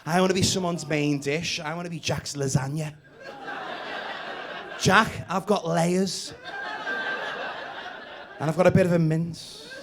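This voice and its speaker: A man's voice: fairly high pitch, steady tone, measured pace, pauses often, noisy background. A man in his late thirties with a Scouse accent, doing crude, teasing stand-up and crowd work on a comedy club stage. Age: late 30s. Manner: brash, crude, teasing the audience. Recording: live gig with loud crowd laughter. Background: audience laughing.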